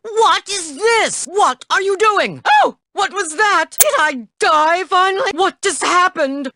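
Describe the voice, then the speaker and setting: An actress voicing a sadistic, bossy school nurse in a video game, snippy and theatrical, shifting from sugary to menacing. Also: female voice, a little high, sharp tone, no echo, clean studio sound, heavily acted. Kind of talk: game voice acting.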